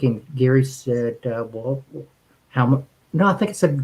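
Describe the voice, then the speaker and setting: A man's voice: mid-range voice, animated, brisk, a little mellow, rough recording. A man telling a rambling, enthusiastic story as a guest on a video call, with frequent restarts. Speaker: guest, music streaming executive.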